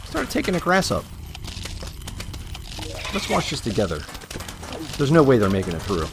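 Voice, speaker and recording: A middle-aged man hosting his own gaming channel, rambling through casual gameplay commentary with profane, deadpan sarcasm. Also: mid-range voice, normal speed, background noise. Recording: loud music behind the voice.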